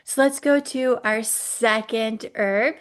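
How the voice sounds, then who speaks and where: A woman's voice: on the high side, fairly even intonation, slow pace. A woman hosting a casual herbal podcast, chatty and hedging, with frequent ums and self-corrections. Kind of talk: casual solo podcast talk.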